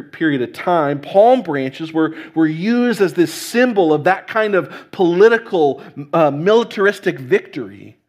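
A man's voice: on the high side, a little mellow. A man preaching a sermon in a conversational way, often restarting phrases and checking in with "right?". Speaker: pastor.

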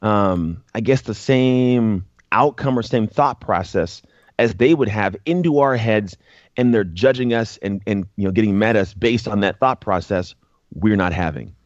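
A former pro football player and author, appearing as a guest, talks earnestly in a casual conversation, frequently repeating words while he thinks. His voice sits on the low side at a moderate pace. The recording is lo-fi with no room sound.

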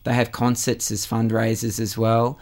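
Low-voiced man, halting and earnest. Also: monotone, a little mellow. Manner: earnest, halting, many ums and uhs. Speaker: musician guest. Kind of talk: radio interview.

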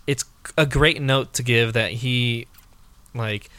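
Man, game podcast co-host, hesitant, lots of fillers, middle pitch, dry close recording. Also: fairly even intonation, slow, sharp tone, clean tone, dry recording. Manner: hesitant, many fillers and restarts. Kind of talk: casual video game discussion.

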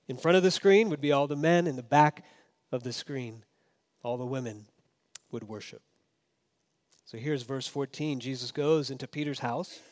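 Male pastor with hushed, emphatic delivery. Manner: dynamic, swinging from emphatic loud to hushed low. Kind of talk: sermon.

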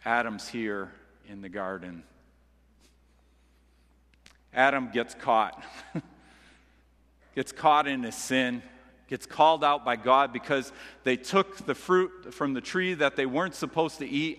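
Bright-voiced male pastor in a reverberant hall. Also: medium pitch, slow pace. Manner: conversational, earnest preaching. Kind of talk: sermon. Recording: long reverb of a large hall.

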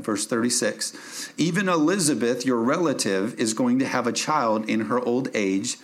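A man, a pastor preaching a sermon to his church, moving from verse reading to emphatic, joking calls to the congregation. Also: mid-range voice.

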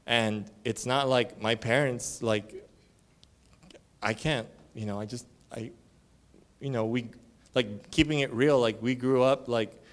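Speaking at a medium pitch, steady and a little slow, a male church elder delivers a conference sermon through casual, slangy storytelling full of fillers. He acts out the people in his stories, shifting voices for their dialogue.

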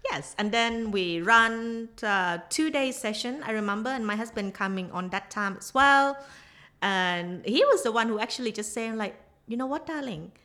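A woman's voice: a little high, normal speed, sharp tone. A woman guest on a casual podcast, talking in chatty, non-native English and laughing often. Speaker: guest, silversmith.

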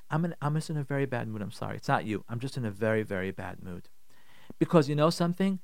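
A man giving marriage advice on a talk radio show, animated and repetitive, acting out people's inner voices. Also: medium pitch, rapid-fire, vocal fry, dry recording.

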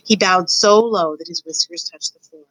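A woman reading a children's storybook aloud with expressive storytelling. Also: lowish voice, normal speed, low-quality recording. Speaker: student reader.

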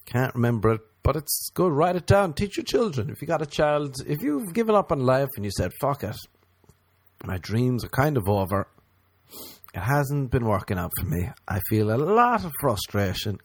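A man's voice: mid-range voice, very animated, normal speed, no room sound. A man hosting a podcast, rambling through a crude, sarcastic comedy monologue and slipping into mocking voices. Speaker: podcast host.

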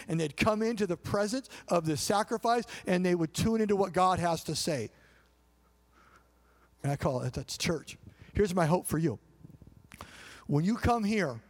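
A male pastor giving a conversational sermon in a large church, often checking in with the congregation through quick rhetorical questions. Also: a little high. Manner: conversational preaching with frequent rhetorical check-ins. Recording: long reverb of a large hall.

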